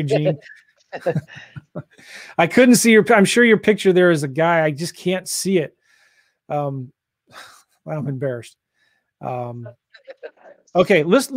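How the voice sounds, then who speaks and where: A man from St. Louis coaching real estate investors on a livestream, pushing hard in an energetic sales style. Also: high voice, dry recording, clean studio sound. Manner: pushy, energetic sales talk.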